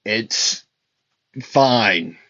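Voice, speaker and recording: Casting: a man playing a tired teacher, slow and hesitant, dull lo-fi audio. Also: lowish voice, lively intonation, sharp tone, no room sound, heavily acted. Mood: offhand. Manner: hesitant, trailing off with fillers. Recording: dull lo-fi dry recording.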